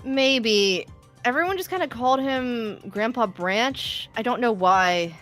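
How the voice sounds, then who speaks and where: Slow-talking hesitant woman. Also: a little high, lively intonation, fairly bright tone, faint music behind. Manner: unhurried, hesitant, lots of ums. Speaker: tabletop game player. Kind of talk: casual tabletop game chat.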